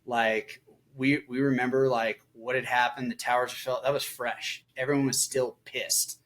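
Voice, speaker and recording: A man's voice: medium pitch, little pitch movement, normal speed, fairly bright tone. A man in his forties, an army veteran, recounts his deployment as a podcast guest in a loose, conversational way with lots of fillers. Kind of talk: storytelling interview.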